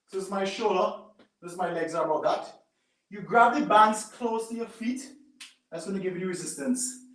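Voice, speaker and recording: A man's voice: normal speed, fairly bright tone, distant mic. Man coaching a band workout in an echoey room. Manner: coaching, repeats "right?" and "boom". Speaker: fitness instructor. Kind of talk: live workout demonstration. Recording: echoey room, away from mic.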